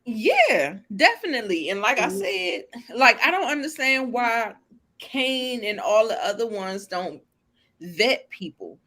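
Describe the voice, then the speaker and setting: A woman's voice: fairly high pitch, sing-song, measured pace, bright, forceful tone. A woman co-hosting a casual TV recap chat, chatty and full of "like" fillers. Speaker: co-host.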